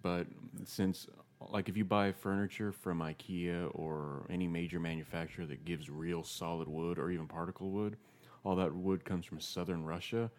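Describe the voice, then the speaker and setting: A man's voice: deep voice, fairly even intonation, moderate pace. A man co-hosting a podcast in casual chat, rambling and wry, often restarting his sentences. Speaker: podcast co-host.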